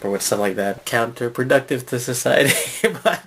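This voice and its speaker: A man's voice: mid-range voice, brisk, hardly any pauses, a bit bright, a little hiss or hum. A man hosting a comedy vlog, talking in a loose, meandering way, full of fillers and little chuckles. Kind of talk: rambling casual monologue.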